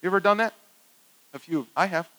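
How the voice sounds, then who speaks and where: High-voiced animated preacher man. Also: brisk, rough recording. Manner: animated, emphatic, swings from loud to hushed; repeats words when building up. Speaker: pastor. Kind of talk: sermon.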